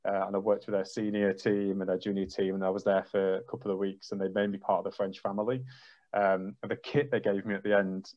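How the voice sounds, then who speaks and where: A man's voice: low-pitched, flat delivery, a little fast. A man, a trampoline coach, telling an emotional story on a video call and acting out his own reactions. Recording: dull lo-fi video call audio.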